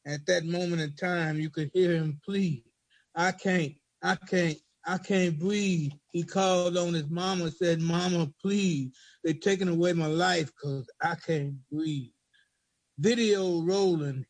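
A man with a gravelly, fairly high voice, speaking haltingly with many pauses before he reads his poem in a steady, rhythmic spoken-word cadence. The sound is dry and close, with no room around it. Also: no room sound, rough recording. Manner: halting and hesitant in speech, rhythmic in recitation. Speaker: poet reading his own poem. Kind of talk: spoken word poetry reading.

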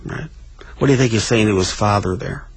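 A man's voice: on the low side, a little fast, slight background noise, poor audio. A man co-hosting a radio talk show, chatting and reading book passages aloud with growing emotion. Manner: reads aloud with mounting emotion, shouts quoted lines.

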